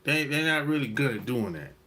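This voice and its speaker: A man hosting a dating-advice channel, talking in a relaxed, rambling monologue, repeating his points and laughing often. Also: mid-range voice, brisk. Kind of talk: casual monologue.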